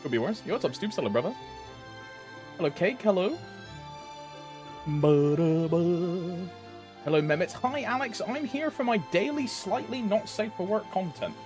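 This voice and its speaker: A man's voice: high-pitched, lively intonation, normal speed, long pauses, a little mellow, faint music behind. A young man streaming a game, greeting chat by name, with frequent laughs and slangy banter. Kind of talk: casual live-stream chat.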